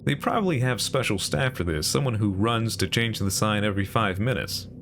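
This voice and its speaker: A man's voice: on the low side, lively intonation, fairly quick, noisy background. A man narrating a story game in the first person, with a dry, sarcastic tone.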